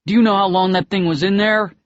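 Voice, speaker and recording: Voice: medium pitch, steady tone, fast talker, pitched above the performer's own voice, lightly acted. An audiobook narrator voicing an angry, blunt young man who speaks in clipped, hard phrases. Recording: dry, slightly dull audiobook recording.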